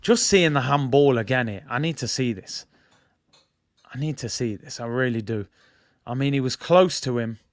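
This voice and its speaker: A man's voice: mid-range voice, moderate pace. A young man hosting a football watch-along, talking casually and animatedly, repeating himself as he argues his point. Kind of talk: casual live match commentary.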